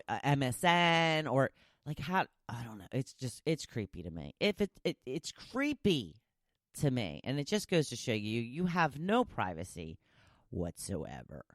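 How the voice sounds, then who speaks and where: Woman podcaster chatting away, pitch bouncing all over, dry close sound. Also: dry recording. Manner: chatty, opinionated, playful. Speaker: podcast host. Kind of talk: casual solo chat reading listener replies.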